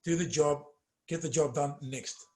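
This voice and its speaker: A middle-aged man chats casually in an interview. His voice sits a bit high and he tells stories with animated stress and plenty of fillers, often trailing off quietly. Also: a little slow. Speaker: former footballer, interview guest.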